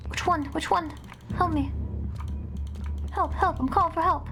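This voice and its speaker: A young woman streaming a game live, excitable and dramatic, reacting out loud and swearing freely. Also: very high voice, a little slow, background noise. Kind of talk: live gameplay commentary.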